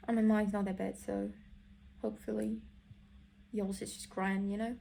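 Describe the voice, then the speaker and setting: A woman's voice: mid-range voice, flat delivery, vocal fry, warm tone. Woman faking a folksy drawl. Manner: slow, drawn-out and folksy. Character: folksy drawling female greeter.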